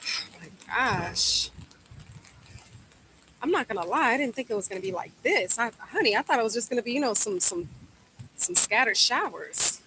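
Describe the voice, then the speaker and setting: A woman's voice: on the high side, expressive, fast, background noise. A woman chatting casually with viewers on a live stream, walking in from the rain and then talking at home, a bit out of breath. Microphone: phone camera.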